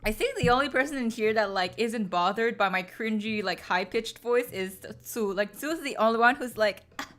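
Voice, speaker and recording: A woman's voice: on the high side, moderate pace, hardly any pauses, a bit bright. A young woman chatting casually and playfully with her stream viewers, full of slang and laughter.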